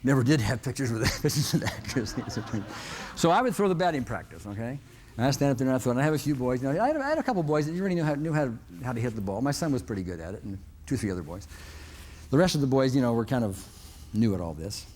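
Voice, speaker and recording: A man's voice: mid-range voice, big pitch swings, fast, a little mellow, slight background noise. A man telling a long personal story to an audience in a folksy way, often chuckling and checking in with "okay?". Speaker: motivational speaker.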